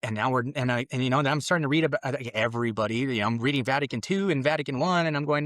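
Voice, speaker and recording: Man from Mexico, earnest rambling testimony, mid-pitched voice, dry close sound. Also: very fast, few pauses, dry recording. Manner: rambling, earnest storytelling with many restarts and fillers; acts out his own past exclamations in a louder, higher voice. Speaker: podcast guest. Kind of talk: personal conversion testimony in conversation.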